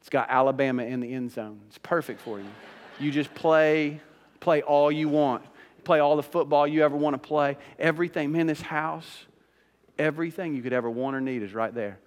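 Emphatic pastor in a reverberant sanctuary. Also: male voice, on the high side, normal speed. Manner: emphatic, conversational preaching with rising bursts. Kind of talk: sermon.

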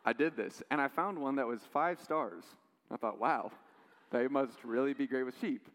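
A man preaching a sermon, telling stories in a lively way with quoted voices and asides. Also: mid-range voice, moderate pace. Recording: long hall reverb.

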